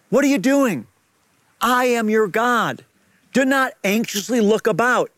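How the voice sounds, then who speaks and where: A man preaching as a rabbi in a slow, emphatic sermon with repeated phrases. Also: sits high, dry recording.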